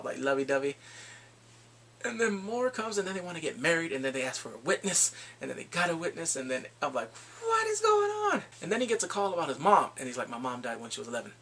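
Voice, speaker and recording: Guy rambling thru a movie plot, excitable, acts out the lines, gravelly voice, faint hum behind. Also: on the high side. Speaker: movie reviewer. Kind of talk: casual movie review vlog.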